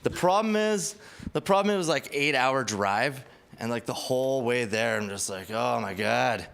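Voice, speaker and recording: A man's voice: mid-range voice, normal speed, a bit bright. A man doing a stand-up set on a club stage, rambling and self-deprecating, often laughing at his own jokes. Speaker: stand-up comedian.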